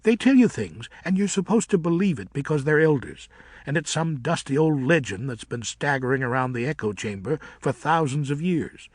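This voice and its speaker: A man's voice: a little high, very animated, normal speed, dry recording, clean studio sound. A man voicing a young, curious and headstrong male bat who speaks earnestly and impatiently.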